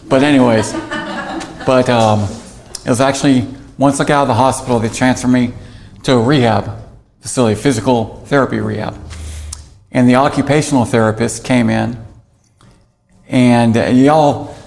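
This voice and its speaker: A man with a gravelly voice, sitting mid-range in pitch. He tells his story in a candid, self-mocking way, laughing as he goes. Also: a little mellow. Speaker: guest. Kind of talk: storytelling interview.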